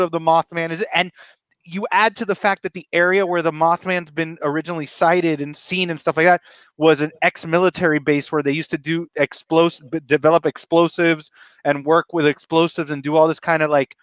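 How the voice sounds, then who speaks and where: A man's voice: a little high, steady tone, moderate pace, fairly bright tone, clear, resonant tone, no echo. Rambling male podcaster on a dull mic. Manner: rambling, enthusiastic retelling of lore. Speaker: podcast co-host. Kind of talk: casual chat.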